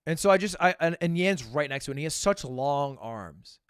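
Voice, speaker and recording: This young man relates a story to his stream with casual self-mockery and plenty of swearing, his slightly high voice swinging from loud bursts to low asides. He sounds expressive and a little fast, with a clear, resonant tone. The audio is close, dry, and free of echo.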